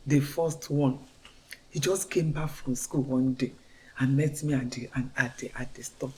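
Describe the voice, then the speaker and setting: A woman's voice: a bass voice, steady tone, measured pace, dark tone. A middle-aged Nigerian woman telling her life story as a fervent faith testimony, repeating phrases with emphatic swings. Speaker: storyteller sharing a personal testimony.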